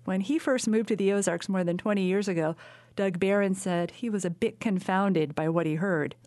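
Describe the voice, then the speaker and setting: A woman reporter narrating a scripted radio news feature in a clear, even delivery. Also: medium pitch, normal speed, no room sound.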